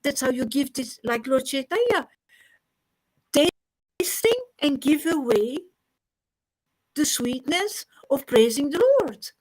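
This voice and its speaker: A woman's voice: high voice, lively intonation, slow pace, long pauses, no room sound, low-quality recording. A woman earnestly sharing devotional feelings in a group, repeating phrases. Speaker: group member.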